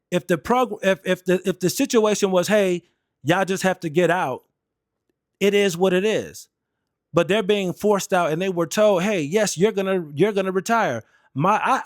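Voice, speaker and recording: A man's voice: high voice, no echo, studio quality. A young American man and Air Force veteran telling stories in a blunt, heated, profane way. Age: young adult. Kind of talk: casual storytelling rant.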